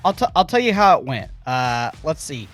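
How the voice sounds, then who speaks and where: A man's voice: fairly high pitch, big pitch swings, normal speed, a bit bright, faint music behind. A man co-hosting a sports talk show, rambling casually through his points and restarting often. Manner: rambling, food comparisons, restarts. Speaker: co-host.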